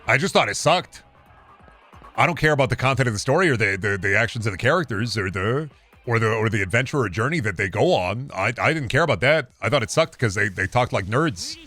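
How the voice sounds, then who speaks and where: A man's voice: medium pitch, expressive, fairly quick, pushed and bright, faint music behind. A male streamer in casual live-stream chat, ranting sarcastically and swearing.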